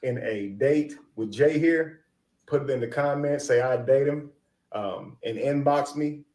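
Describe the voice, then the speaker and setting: A man hosting an interview show, talking in an animated, encouraging way. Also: medium pitch, unhurried, echoey room. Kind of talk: casual interview chat.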